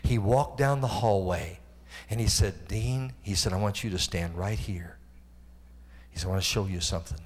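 A middle-aged man preaching a sermon, telling his own story and rising to impassioned, high-pitched delivery. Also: moderate pace. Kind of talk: sermon testimony.

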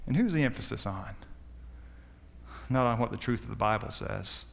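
A man preaching a sermon with passion, his voice swinging between loud high peaks and low quiet stretches. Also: lively intonation, moderate pace, vocal fry, in a large hall. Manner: impassioned, rising and falling in pitch and volume.

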